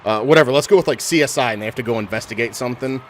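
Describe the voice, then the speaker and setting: A man in casual voice chat during a game, loose and profane, working through his thoughts out loud. His voice sits in a middle pitch. A faint hum of noise runs behind him. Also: racing. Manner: loose, profane, thinking aloud. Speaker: gamer chatting while playing.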